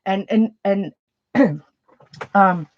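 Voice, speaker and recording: A woman's voice: mid-range voice, very slow, dull audio, a little hiss or hum. A Canadian woman chatting casually on a livestream while making art, rambling and often restarting her sentences.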